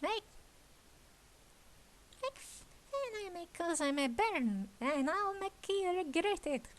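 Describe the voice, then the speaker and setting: A boastful, childish young tower guard, put on by a woman, blusters in a high, bouncing voice. He is prickly and quick to take offence when his long name is mangled. A game character read aloud. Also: very animated, exaggerated voice. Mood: indignant.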